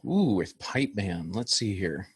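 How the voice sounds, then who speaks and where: Husky-voiced man telling lively stories. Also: on the low side, takes it slowly, no room sound. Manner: animated storyteller, hums tunes aloud. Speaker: guest bagpiper. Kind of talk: casual podcast interview.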